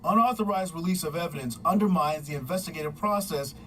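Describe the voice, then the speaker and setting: A man delivering a scripted news report in a measured, formal way. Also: a little high, fairly bright tone, far from the mic, soft background music, low-quality recording. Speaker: news correspondent.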